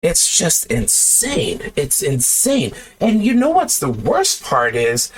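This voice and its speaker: A man's voice: high-pitched, wildly swooping pitch, slow pace, hardly any pauses, slightly rough. Guy ranting about sports, fed up and sarcastic, voice jumps up and down a lot. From United States. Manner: exasperated and sarcastic, with blunt outbursts. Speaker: sports vlogger. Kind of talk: heated monologue rant.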